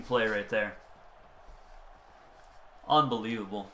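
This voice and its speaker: A man narrates his own video game football match. His pitch swings widely as he goes from calm play-calling to loud outbursts over bad plays. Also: moderate pace, long pauses. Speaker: gaming channel host. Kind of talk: gameplay commentary.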